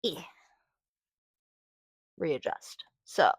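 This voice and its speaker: A woman's voice: on the low side, animated, unhurried, fairly bright tone, no room sound, clean studio sound. A woman hosting a casual solo podcast, rambling and thinking aloud with lots of fillers, swearing and sing-song noises as she reviews a product. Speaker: podcast host reviewing cannabis.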